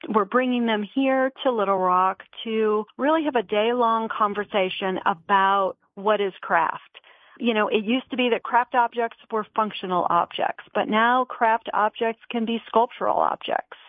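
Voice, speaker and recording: A woman, a museum guest on a radio interview, explaining with measured enthusiasm. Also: a little high, dry recording. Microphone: phone line. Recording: tinny phone line.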